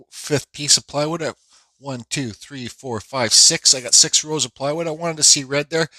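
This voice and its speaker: A man's voice: high-pitched, bright, forceful tone, no echo, rough recording. A man hosting a woodcarving vlog, talking casually and rambling with fillers and restarts while feeling unwell. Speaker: woodcarving channel host. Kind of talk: casual workshop vlog talk.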